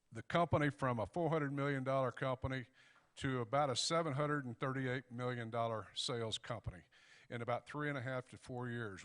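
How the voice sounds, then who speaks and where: A man's voice: medium pitch, fairly bright tone. Folksy man telling a story in a hall. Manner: folksy, acts out dialogue. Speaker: guest speaker. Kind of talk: storytelling speech. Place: banquet hall. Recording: long hall reverb.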